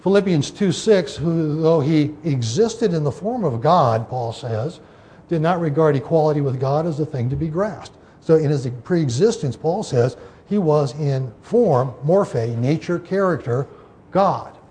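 A man's voice: fairly high pitch, animated, unhurried, warm tone. A man teaching an informal Bible study, explaining scripture in a loose way with many fillers and restarts.

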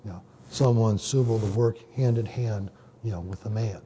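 A man preaching a sermon in a conversational teaching manner, often pausing with "okay" and "you know". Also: lowish voice, mellow, a little hiss or hum. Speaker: pastor.

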